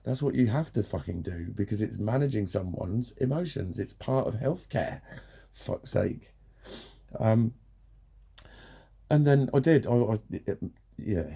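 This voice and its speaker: Swearing, exasperated man, dark voice. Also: extremely low pitch. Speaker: vlogger. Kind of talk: ranting personal vlog.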